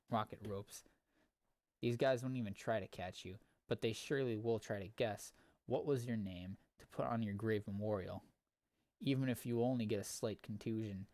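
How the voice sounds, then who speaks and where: A man's voice: on the low side, darkish tone, dry recording. Casual man reading fanfiction aloud, dry sound. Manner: casual and wry, many fillers between readings. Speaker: streamer host.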